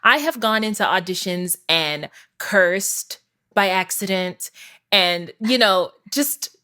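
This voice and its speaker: A woman's voice: medium pitch, expressive, slow pace, pushed and bright, clear, resonant tone. Supportive woman host, easygoing chat. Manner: supportive, conversational. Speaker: show host. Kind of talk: casual interview chat.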